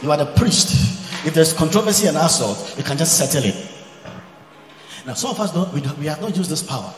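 A male pastor preaching a fiery sermon, quoting old-style scripture and at times shouting and speaking in tongues. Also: a little high, expressive, fairly quick. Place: large church event hall. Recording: echoey hall recording.

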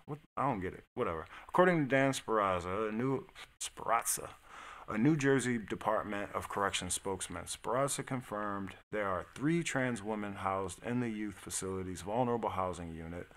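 A man's voice: lowish voice, fairly bright tone. A man hosting a live stream, reading news articles aloud and breaking off into blunt, slangy reactions. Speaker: streamer host. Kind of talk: casual live-stream commentary.

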